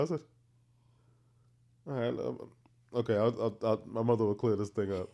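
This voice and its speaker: A man's voice: medium pitch, moderate pace, creaky, mellow, lo-fi sound. A man, co-hosting a podcast and telling family stories in a playful, teasing way. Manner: playful, teasing, laughs a lot. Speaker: podcast co-host. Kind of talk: casual storytelling chat.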